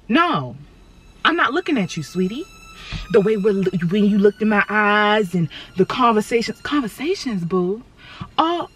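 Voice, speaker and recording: A woman's voice: medium pitch, fairly bright tone. A young woman telling a casual storytime from inside her car, dramatic and sassy, talking straight to her viewers.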